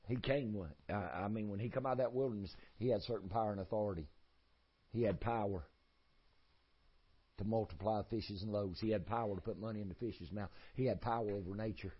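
A man's voice: on the low side, breathy edge, muffled recording. A man preaching a sermon, folksy and emphatic, repeating his points in a rising cadence.

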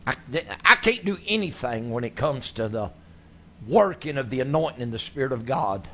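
A man preaching a sermon, telling his stories in a folksy, animated way. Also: mid-range voice, normal speed. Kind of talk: sermon storytelling.

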